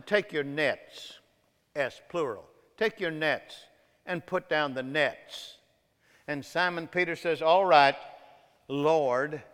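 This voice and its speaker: Fiery preacher in a hall. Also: male voice, high-pitched. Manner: preaching with sudden loud bursts and soft drops. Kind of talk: sermon. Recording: echoey hall with long reverb.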